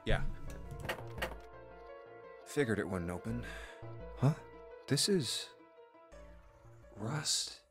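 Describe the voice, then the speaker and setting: A man's voice: lowish voice, lively intonation, very slow, pauses often. An actor voicing a wary man in a video game who questions things as he searches a room. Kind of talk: voiced game dialogue. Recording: dry game audio under music.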